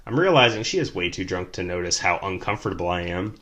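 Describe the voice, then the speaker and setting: A young man hosting a storytelling podcast, telling a tale in a chatty, animated way with many fillers. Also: low-pitched, fast talker. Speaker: podcast host, rideshare driver.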